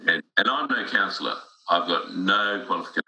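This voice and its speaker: A man's voice: low voice, lively intonation, fairly quick, sharp tone, rough recording. A middle-aged man in casual conversation, telling stories earnestly with frequent restarts.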